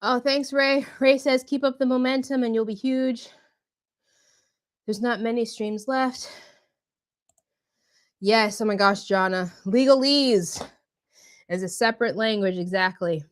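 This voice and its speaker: A woman with a slightly high voice hosts a casual live stream, still out of breath. She talks at an unhurried, drawn-out pace. She chats easily and laughs often while reading viewer comments aloud. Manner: chatty, laughs often, warmly addresses chatters by name. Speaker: livestream host.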